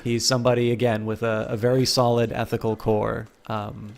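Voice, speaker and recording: A man streaming live, chatting casually to his viewers, rambling and correcting himself, and talking faster when he gets excited. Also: medium pitch, vocal fry, slight background noise.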